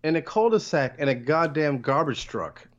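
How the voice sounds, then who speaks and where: A man's voice: fairly high pitch, very animated, normal speed. A man co-hosting a podcast, joking crudely and swearing while he acts out characters' lines. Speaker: podcast co-host. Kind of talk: casual banter with crude jokes. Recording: dull lo-fi mic.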